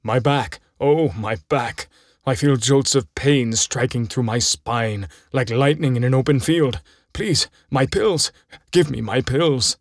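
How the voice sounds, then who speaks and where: A man's voice: lowish voice, expressive, measured pace, slightly rough, dry recording, clean studio sound. A man voicing a crooked, greedy umpire with a bad back, groaning and stammering through his lines in a storybook reading. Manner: groaning, pleading, stammering with fillers.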